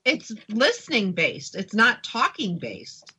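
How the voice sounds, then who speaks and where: A woman's voice: medium pitch, huge pitch swings, slow, bright, forceful tone, slightly rough. A woman hosting a radio interview, who agrees with her guest and builds on what the guest says. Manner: agreeing, affirming, adds to the guest's points. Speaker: radio show host.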